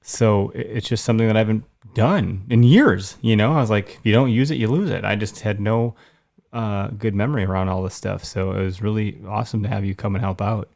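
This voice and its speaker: A man's voice: fairly low pitch, a little fast, creaky. A man in his thirties co-hosting a casual hunting podcast, telling stories with lots of animation. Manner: animated storyteller, acts out voices in anecdotes. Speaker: podcast co-host. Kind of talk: casual chat.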